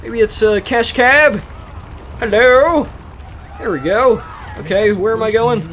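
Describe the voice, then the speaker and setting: A young gamer giving casual let's-play commentary, excitable and full of exclamations. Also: mid-range voice, slow pace, a little hiss or hum. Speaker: gaming commentator. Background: game music.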